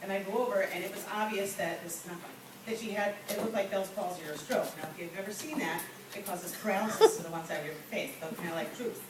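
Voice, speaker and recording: A middle-aged woman doing a stand-up comedy set with chatty storytelling and deadpan asides. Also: mid-range voice, fast, background noise. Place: comedy venue with live audience. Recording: echoey distant amateur room recording.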